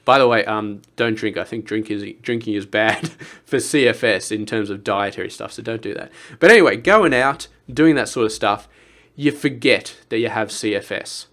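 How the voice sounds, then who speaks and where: A young man speaks in a loose, earnest vlog manner. He circles his points with restarts and drops into low asides. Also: normal speed. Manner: rambling, earnest, with frequent restarts and quiet asides. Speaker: vlogger. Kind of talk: casual personal vlog talk.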